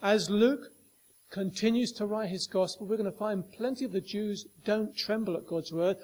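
High-voiced man preaching emphatically. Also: moderate pace, darkish tone. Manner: emphatic, rhetorical questions to the listeners. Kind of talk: sermon.

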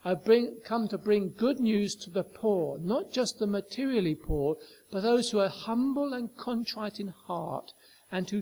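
A man with a notably high voice delivers a sermon. He talks emphatically, repeating phrases for weight and putting questions straight to his listeners. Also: expressive, unhurried, warm tone, slight background noise. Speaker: preacher.

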